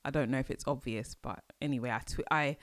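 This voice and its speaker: A woman from London with a London accent, hosting a casual solo podcast, chatty and animated with sudden exclamations. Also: rumbling low, brisk. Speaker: podcast host.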